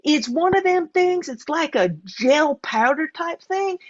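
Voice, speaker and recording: A high-voiced, syrupy host with a Southern accent, as a woman acts her out, gushing and calling every guest darling. She talks about herself in the third person and hams it up for an improvised comedy sketch. The sound is dry and a little muffled, like a video call. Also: lively intonation, a little slow, dry recording. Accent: American Southern. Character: gushing Southern pet-and-beauty advice host.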